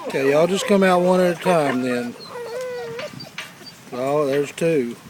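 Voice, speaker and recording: Moving slowly in his speech, a middle-aged man strolls outdoors through a rural yard and along a road, camera in hand, sing-songing to coax his puppies and dropping quiet mumbled remarks in between. He's a dog breeder narrating a casual home video, and the camera mic picks up heavy outdoor noise.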